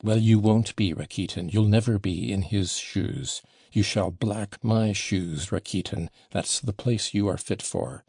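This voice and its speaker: A man's voice: lowish voice, unhurried, gravelly, few pauses, mellow, breathy edge, dry recording, studio quality, heavily acted. A man reading an audiobook voices a passionate, wounded young woman, talking in a raised, emotional way that swings from tender to scornful. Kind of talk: audiobook character voicing.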